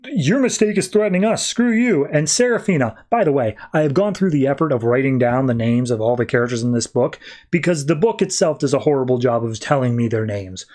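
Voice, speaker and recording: A man's voice: medium pitch, animated, fairly quick, hardly any pauses, darkish tone. A man hosting a podcast, recapping a comic book in a casual, rambling way. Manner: chatty, rambling. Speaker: podcast host.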